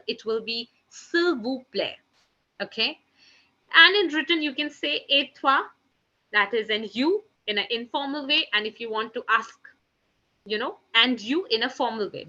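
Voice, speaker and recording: A woman's voice: a little high, sharp tone, highs cut off. A woman teaching a live online French class. She keeps calling the students "guys" and says each French phrase twice. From India.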